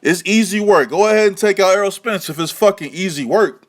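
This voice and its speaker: High-voiced man ranting heatedly. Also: fairly quick. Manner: heated, mocking, repetitive. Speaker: boxing vlogger. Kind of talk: profane ranting commentary.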